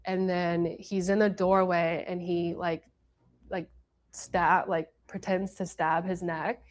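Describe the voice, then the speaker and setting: A woman's voice: fairly low pitch, flat delivery, takes it slowly. A woman giving an earnest account in a television interview, telling events step by step and often repeating herself. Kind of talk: recounting in a TV interview.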